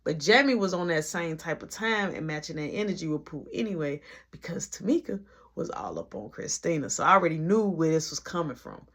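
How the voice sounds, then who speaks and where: A woman casually telling a story in slang, animated and full of quoted dialogue. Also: low voice, a little fast. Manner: slangy, animated retelling with many quoted lines.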